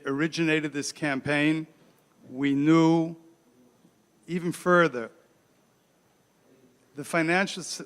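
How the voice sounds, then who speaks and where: A man hosting a live telethon, speaking in an earnest, halting way and thanking a guest. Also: fairly high pitch, fairly bright tone, big-room sound. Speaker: telethon host.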